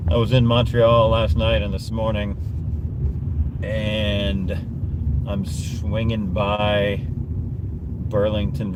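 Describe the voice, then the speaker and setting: A man livestreaming while driving through a town, chatting to his viewers and talking to himself in a self-amused way. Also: lowish voice. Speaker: livestreaming vlogger. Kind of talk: casual live-stream chatter while driving. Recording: noisy car interior. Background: road and engine noise.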